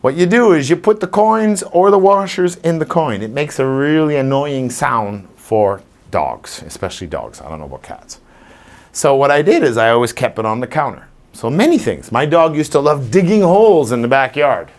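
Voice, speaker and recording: A man's voice: medium pitch, moderate pace. A man who trains dogs, talking informally to a live audience and acting out scenes with little voices. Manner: animated, acts out scenes with voices. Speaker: dog trainer.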